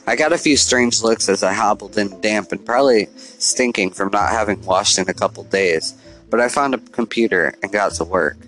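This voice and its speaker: A man's voice: fairly low pitch, fairly bright tone, low-quality recording. A man narrating a first-person horror story in an earnest, confessional, diary-like way.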